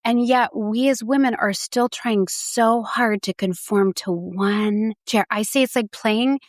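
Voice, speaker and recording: A middle-aged woman, a dietitian and podcast guest, who tells animated stories and laughs often. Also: a little high, a little slow, no echo, studio quality. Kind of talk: podcast interview conversation.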